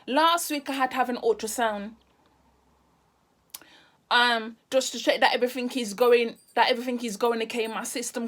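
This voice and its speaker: A woman telling a casual storytime vlog, animated and exclamatory. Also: on the high side. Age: 30s. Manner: animated, exclamatory, drifts into Caribbean patois. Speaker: vlogger.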